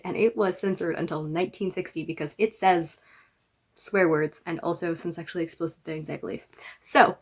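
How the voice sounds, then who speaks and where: A young woman chatting to camera about her reading list, chatty and wry, with playful asides and the odd whispered word. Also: mid-range voice. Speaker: book vlogger. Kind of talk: casual book talk to camera.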